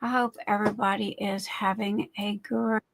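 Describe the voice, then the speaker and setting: A woman's voice: medium pitch, flat delivery, normal speed, gravelly, dry recording, poor audio. A woman hosting a casual livestream, chatting and greeting viewers by name, often calling them darling. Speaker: livestream host.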